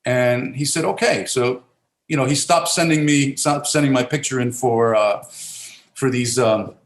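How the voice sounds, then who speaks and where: A man's voice: medium pitch, a little slow, reverberant. A middle-aged man from Italy, raised in New Jersey, talking casually as an actor guest, rambling with many fillers and restarts. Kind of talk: casual interview talk.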